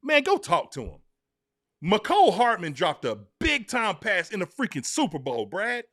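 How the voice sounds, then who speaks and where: A man co-hosting a sports podcast, talking emphatically and excitably to his co-host. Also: sits high, moderate pace. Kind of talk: animated sports talk.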